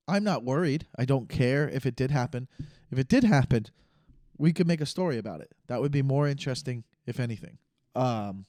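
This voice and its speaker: A man's voice: medium pitch, a little mellow, no echo, clean studio sound. A man hosting his own podcast, a stand-up comedian talking casually in a rambling, stop-start way and correcting himself mid-sentence. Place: living room.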